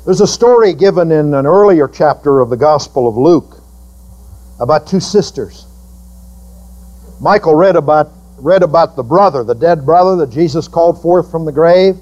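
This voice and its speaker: A man's voice: darkish tone, muffled recording. A male pastor preaching a sermon, quoting his listeners in mock voices and building to emphatic rebukes. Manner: preaching with sweeping pitch swings, quoting congregants in put-on voices.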